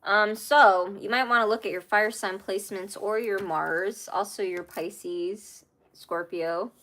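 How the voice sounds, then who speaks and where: A woman's voice: mid-range voice, steady tone, a little slow, a bit bright. Chatty woman giving a tarot reading. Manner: rambling, chatty, many fillers and asides. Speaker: tarot reader. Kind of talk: casual tarot reading monologue.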